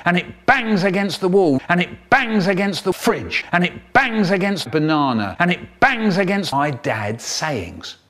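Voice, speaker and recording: A man, telling comic stories in an expressive, animated way. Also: sits high. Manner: expressive, animated, swooping delivery. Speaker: storyteller. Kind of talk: comic storytelling, spliced edit.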